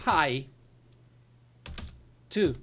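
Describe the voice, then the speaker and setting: A woman's voice: low-pitched, expressive, drawn-out words, a little hiss or hum. A woman, an English teacher talking through textbook exercises, filling gaps with nonsense syllables. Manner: filler syllables, switches to Spanish. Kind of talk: recorded lesson walkthrough.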